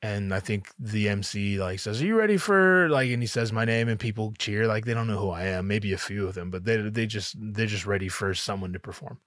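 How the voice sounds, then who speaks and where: A man's voice: on the low side, a bit bright, no room sound, studio quality. A man, a rapper, telling a personal story casually, candid and swearing freely.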